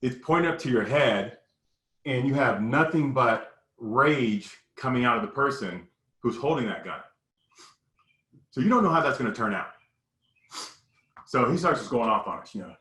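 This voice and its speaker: A man tells a personal story with raw emotion, stumbling and repeating words as he goes. His voice sits at a middle pitch, and the recording has a roomy echo. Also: animated, moderate pace, long pauses, fairly bright tone. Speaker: guest recounting a personal story.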